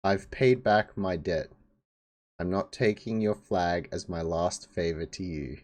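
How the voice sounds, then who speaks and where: Man doing a stoic young swordsman, curt, deliberate, lowish voice. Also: a little mellow. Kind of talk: webtoon read aloud on a live stream.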